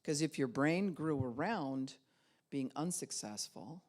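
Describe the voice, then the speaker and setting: A woman pastor preaching a conversational sermon. She speaks directly to her listeners and swings her pitch and loudness to act out the thoughts she quotes. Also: expressive, slow.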